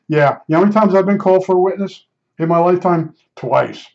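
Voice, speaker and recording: A man's voice: high-pitched, expressive, fast talker, a little mellow. Older man telling a rambling story, lo-fi. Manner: rambling, repeats himself, blunt and emphatic. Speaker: podcast storyteller. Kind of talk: casual spoken storytelling. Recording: slightly dull lo-fi recording.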